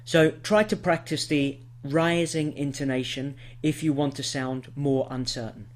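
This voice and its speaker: A man's voice: fairly high pitch, steady tone, a little slow. Man teaching an English lesson. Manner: clear, patient explaining with spoken example sentences. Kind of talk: scripted lesson to camera.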